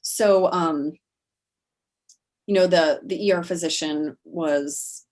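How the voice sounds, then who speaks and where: A woman telling her own story as an interview guest on a video call, halting, with many fillers and restarts. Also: fairly low pitch, a little mellow. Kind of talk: personal account in an interview.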